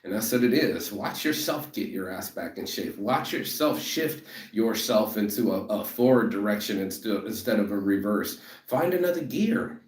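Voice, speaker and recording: A man's voice: on the low side, expressive, normal speed, hardly any pauses. A man in a profane motivational rant about rejection, emphatic and repetitive, who says he is walking toward a train station. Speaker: vlogger. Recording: echoey, from a distance.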